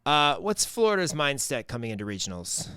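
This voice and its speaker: Casting: male podcast co-host, mid pitch, dry close sound, rambling casual delivery full of fillers. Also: sing-song, brisk, bright, forceful tone, smooth, no room sound. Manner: rambling, lots of fillers and restarts. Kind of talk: casual sports chat.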